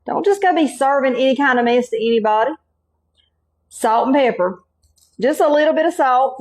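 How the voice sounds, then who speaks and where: Here a North Carolina cooking host, middle-aged with a Southern Carolina accent, chats her way through a home cooking demo. She keeps dropping "y'all" and "okay" in a folksy, talkative style. Her voice sits high, with lively intonation at a normal speed.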